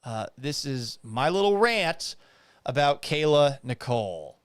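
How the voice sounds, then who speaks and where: A man hosting a radio-style talk show, ranting loudly and profanely with exasperation. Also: medium pitch, sing-song, measured pace, clear, resonant tone, dry recording. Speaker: radio broadcaster and show host. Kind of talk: loud ranting commentary.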